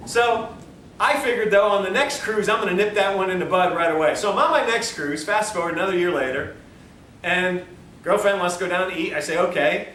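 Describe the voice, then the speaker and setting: A man with a high-pitched, bright, pushed voice talks fairly quickly while lecturing at a health institute. He tells a story in a chatty, joking way packed with self-mocking asides, recorded on a distant mic in an echoey room with faint ambience and slight background noise.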